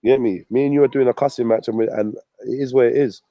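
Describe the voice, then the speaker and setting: A man's voice: mid-range voice, fairly even intonation, quick pace, no room sound, highs cut off. A man ranting on his channel, mocking and swearing at a rival. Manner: profane, mocking, combative. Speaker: vlogger. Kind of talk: ranting commentary.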